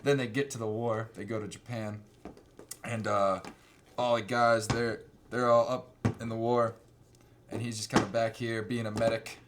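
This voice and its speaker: A man's voice: mid-range voice, level tone, background noise. Rambling man recapping movies. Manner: rambling, acts out characters in quick silly voices. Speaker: host. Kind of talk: casual chat recapping movies.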